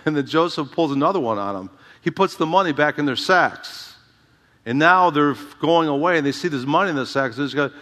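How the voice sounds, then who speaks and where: A male pastor preaches through a passage with a bright, forceful delivery. He repeats words and calls out "Amen?" to his listeners. His voice carries a long, echoing hall reverb. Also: fairly high pitch, expressive, brisk. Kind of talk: expository sermon.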